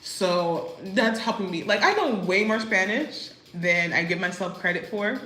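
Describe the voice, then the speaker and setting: A woman's voice: medium pitch, expressive, measured pace, bright, forceful tone, reverberant, a little hiss or hum, poor audio. A young American woman casually telling stories to the camera, chatty and full of fillers. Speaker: vlogger. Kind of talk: casual storytelling chat.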